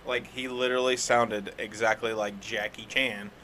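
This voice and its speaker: A man's voice: lowish voice, level tone, normal speed, pushed and bright, a little hiss or hum. A man co-hosting a podcast in a laid-back way, laughing and saying "like" a lot. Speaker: podcast co-host. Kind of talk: casual chat.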